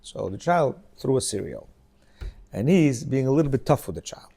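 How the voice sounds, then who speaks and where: A man's voice: mid-range voice, moderate pace, vocal fry. A man in his fifties teaching an informal religious class, telling stories and acting out the dialogue. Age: 50s. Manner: animated storyteller, acts out dialogue in changing voices; asks listeners rhetorical questions.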